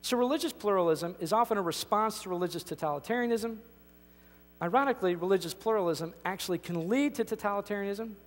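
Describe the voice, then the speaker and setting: A man's voice: high voice, lively intonation, quick pace, faint music behind. A man preaching a sermon as pastor, emphatic and conversational, often restarting his sentences. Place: church sanctuary. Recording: reverberant church hall.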